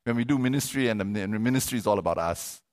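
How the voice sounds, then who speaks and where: A middle-aged male pastor preaching a sermon, animated, repeating words and asking for amens. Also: fairly low pitch, racing.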